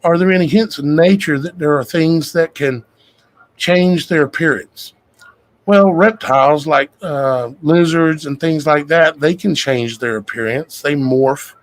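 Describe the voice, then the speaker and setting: Man, show host, rambling casual talk, slightly high voice. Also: unhurried, rough recording. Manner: rambling, conversational, folksy with "y'all guys".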